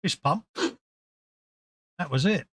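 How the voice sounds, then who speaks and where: A man's voice: a little high, animated, slow pace, bright, forceful tone, a little hiss or hum. A British man co-hosting a casual late-night chat, bantering and telling stories with acted-out quotes. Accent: British English. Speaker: co-host.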